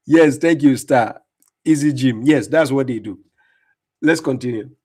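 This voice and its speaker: A man's voice: mid-range voice, slow, darkish tone, slightly rough. A man hosting a live stream, commenting on clips and talking to viewers in a mocking, insistent way with lots of repetition. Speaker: livestream host reacting to clips.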